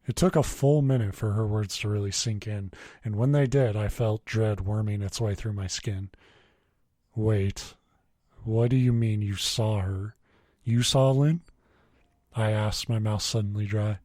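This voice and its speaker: A man's voice: lowish voice, fairly even intonation, a little slow, mellow, no echo, studio quality. A man co-hosting a podcast, chatting loosely, swearing and laughing, and reading a horror story aloud in a plain voice. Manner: swears freely, laughs often, reads quoted dialogue plainly. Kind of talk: casual chat and story reading.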